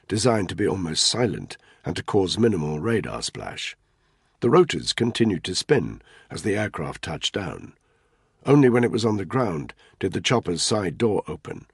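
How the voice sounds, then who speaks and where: A man giving measured, tense scripted narration of a military thriller audiobook. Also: low voice, husky, no echo, clean studio sound.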